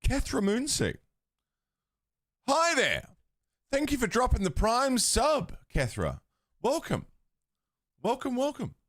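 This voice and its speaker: A man's voice: extremely high pitch, huge pitch swings, slow pace, pauses often, a bit bright, no room sound, clean studio sound. A man hosting a livestream, chatting casually with his viewers, swearing freely and laughing often. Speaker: livestream host. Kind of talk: casual chat with stream chat.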